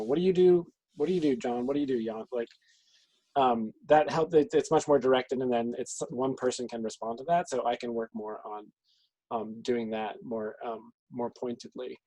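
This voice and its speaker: Male game master, mid pitch, thoughtful, talking things through in a dry, close-sounding room. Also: warm tone, dry recording, rough recording. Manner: reflective, thinking aloud. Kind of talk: out-of-game group discussion.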